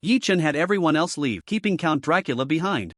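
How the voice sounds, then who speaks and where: A man's voice: a little high, lively intonation, fairly quick, a bit bright, no echo, studio quality. A man narrating a fantasy story recap in a scripted storytelling delivery.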